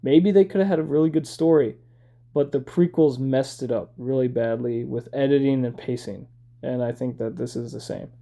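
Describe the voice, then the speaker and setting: Man, casual rambling rant, swears, lots of fillers, very dark tone, mid pitch. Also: normal speed, vocal fry. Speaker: drawing video creator. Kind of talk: casual rant while drawing.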